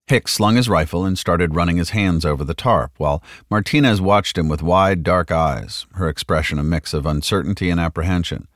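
A man reading a science fiction audiobook in a measured, expressive narration. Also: sits low, dry recording, studio quality.

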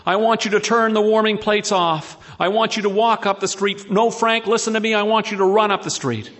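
A man voicing a patient, firm housewife who calmly takes charge on the phone. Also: high-pitched, a little fast. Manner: calm but insistent.

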